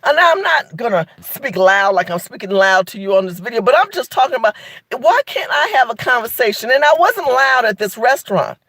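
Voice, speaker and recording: A woman's voice: fairly high pitch, very animated, fairly quick, a bit bright, breathy edge, no echo. A woman hosting a live video, talking straight to her viewers in a sassy, emphatic way. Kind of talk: animated live-stream commentary.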